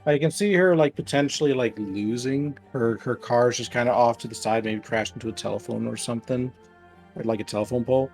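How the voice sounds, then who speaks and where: A man in a casual gaming chat, answering with dry, deadpan wit. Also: mid-range voice, brisk, soft background music. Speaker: game master of the group.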